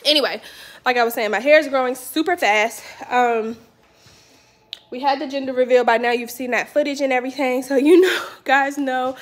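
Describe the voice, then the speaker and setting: A woman's voice: high-pitched, normal speed. A tired, pregnant woman in her thirties chatting casually at home for her vlog, rambling with fillers. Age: 30s. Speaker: vlogger. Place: home, indoors.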